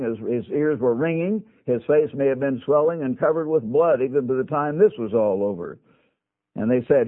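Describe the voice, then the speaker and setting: A man preaching a broadcast Bible sermon, his voice at an ordinary middle pitch. He speaks with emphasis and drops folksy asides to his listeners. The sound is narrow and thin, like a phone line. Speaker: radio Bible teacher.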